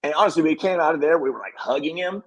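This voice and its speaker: A film director telling animated, quote-filled stories in a casual interview. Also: male voice, on the high side, very fast, poor audio. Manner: animated storyteller acting out quotes.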